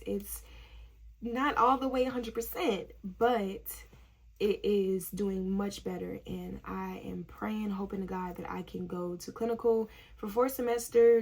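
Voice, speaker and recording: Gravelly, husky young woman telling a story. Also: mid-range voice, a little mellow. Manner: chatty storytelling, laughs often, fills with "like". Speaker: vlogger, nursing student. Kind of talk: casual story-time chat.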